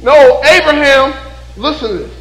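A male preacher giving a sermon and reading scripture slowly and deliberately, with folksy joking asides to the congregation. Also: very high voice, fairly bright tone, long reverb tail, low-quality recording. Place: church.

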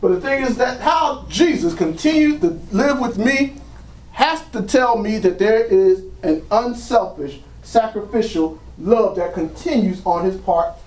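A man's voice: high-pitched, expressive, a little slow, a little mellow. A preacher man delivering a sermon, heard from some distance off the mic in a roomy church. He keeps dropping "praise God" between thoughts and draws amens back from the room. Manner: punctuates lines with "praise God", drawing call-and-response. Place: church sanctuary. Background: congregation answering amen.

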